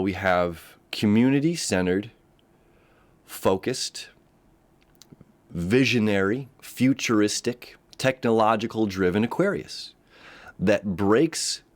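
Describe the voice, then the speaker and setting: A man with a lowish voice talks through an astrology forecast in a loose, casual way. He often restarts his sentences and slips into animated voices when he quotes people.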